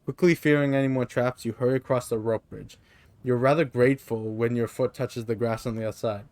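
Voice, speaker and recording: A man's voice: mid-range voice, steady tone, brisk, a little mellow, no echo. Brief: male streamer narrating a gamebook, mid voice, dry close sound. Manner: plain narration with offhand asides. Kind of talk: reading an interactive gamebook aloud. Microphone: streaming microphone.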